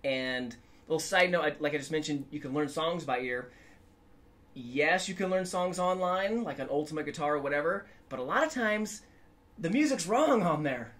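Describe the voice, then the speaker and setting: A man's voice: on the high side, animated, normal speed, fairly bright tone. A man giving a casual guitar lesson in an upbeat, chatty way, now and then singing notes to show the method. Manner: upbeat, chatty, sings scales to demonstrate. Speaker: guitar teacher.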